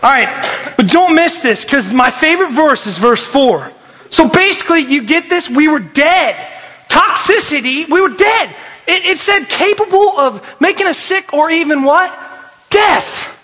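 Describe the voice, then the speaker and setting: A young man, a youth pastor, preaching a lively, jokey sermon and often shifting his voice. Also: extremely high pitch, a little slow. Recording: dull lo-fi recording.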